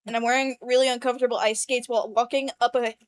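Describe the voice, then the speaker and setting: A woman with a high voice tells a rambling dream story in a casual podcast chat. She acts out the voices of the people in her dream. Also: fast talker. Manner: animated storyteller acting out quoted voices. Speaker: podcast co-host.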